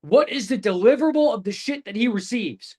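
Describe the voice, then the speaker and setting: Young male instructor, high pitch, casual and profane, brisk storytelling energy. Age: 20s. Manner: casual, swearing, animated storytelling. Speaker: course instructor. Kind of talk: live online class talk.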